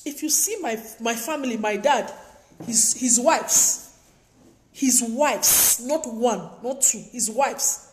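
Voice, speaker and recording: Woman vlogger, higher voice, emphatic lecturing advice, roomy echo. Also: takes it slowly. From Africa. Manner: emphatic and preachy, repeats lines for effect. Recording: echoey room.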